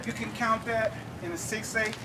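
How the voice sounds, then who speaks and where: A man's voice: high voice, steady tone, normal speed. A man teaching drum rhythms to a group in a lecture-demonstration, explaining step by step and often checking in with "okay?". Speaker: drum instructor. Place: outdoor campus event. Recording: distant mic, clear outdoor noise.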